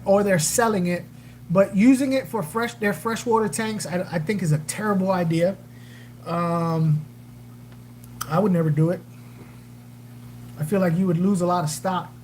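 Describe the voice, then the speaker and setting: A woman hosts a casual livestream chat for an aquarium channel, rambling, joking and answering viewer comments with lots of fillers. She's animated and jokey and tends to trail off into fillers. Her medium-pitched voice comes through a low-quality recording with a little hiss or hum.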